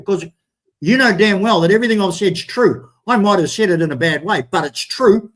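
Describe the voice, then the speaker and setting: A man's voice: sits high, brisk, a bit bright. A man hosting a livestream, short of breath, talking in a rambling, hesitant way that turns heated and profane. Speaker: livestream host. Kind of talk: casual livestream chat.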